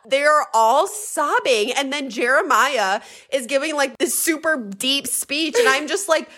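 A young woman co-hosting a podcast, casually recapping a reality dating show and acting out what the cast said in a lower voice. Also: a little slow. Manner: animated, quoting people in lowered voices. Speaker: podcast co-host.

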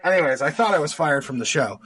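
A man's voice: fairly high pitch, lively intonation, fast talker, a bit bright, husky. A young Canadian man, a guest actor on a podcast, telling rambling stories with lots of fillers and laughter. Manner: rambling storyteller, laughs often, many fillers. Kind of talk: casual podcast interview.

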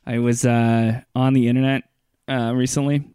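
A man's voice: medium pitch, flat delivery, normal speed, mellow, clear, resonant tone, no echo, studio quality. A man co-hosting a casual podcast, talking in a laid-back, rambling way full of fillers. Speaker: podcast co-host.

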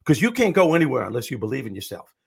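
A middle-aged man, a comedian and motivational speaker, telling animated stories as an interview guest. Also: mid-range voice, rapid-fire, creaky, breathy edge. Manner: animated storyteller, acts out quotes. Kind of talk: storytelling interview answer.

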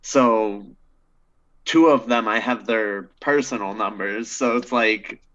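A man's voice: lowish voice, slow pace, a bit bright, dull audio. A man chatting casually as co-host, with lots of "like" fillers. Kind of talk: casual podcast chat.

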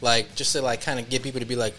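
A man's voice: medium pitch, level tone, rapid-fire, sharp tone, faint music behind. A man co-hosting a podcast, joking around, laughing a lot and swearing freely in crude casual banter. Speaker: podcast co-host.

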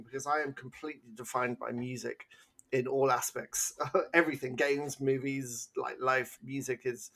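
Rambling male podcast co-host. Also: medium pitch. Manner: rambling, self-deprecating, with sung and mimicked bits. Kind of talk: casual film review chat.

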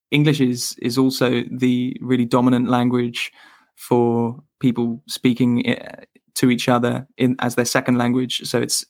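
A man as a podcast guest, explaining his views thoughtfully with pauses and restarts. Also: medium pitch, no room sound, clean studio sound. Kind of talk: casual interview chat.

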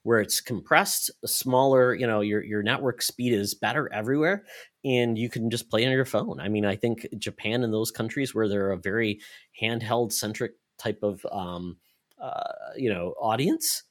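A man's voice: on the low side, normal speed. A man co-hosting a casual gaming podcast, thinking aloud with hesitant, repeated words. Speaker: podcast co-host. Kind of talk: casual chat.

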